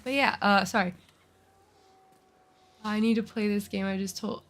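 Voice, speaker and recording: A woman's voice: mid-range voice, steady tone, unhurried, a bit bright. A woman streaming a video game, chatting casually, cursing at enemies and teasing herself about her skills. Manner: chatty, swears at enemies, self-mocking. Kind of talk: casual live-stream gameplay chat.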